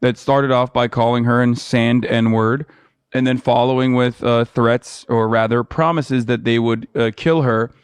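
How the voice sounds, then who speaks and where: A man's voice: medium pitch, steady tone, unhurried, clear, resonant tone, dry recording, studio quality. A man co-hosting a casual podcast, reading stories aloud and joking. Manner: reads news aloud, laughing and joking. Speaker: podcast co-host. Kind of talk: casual comedic podcast chat.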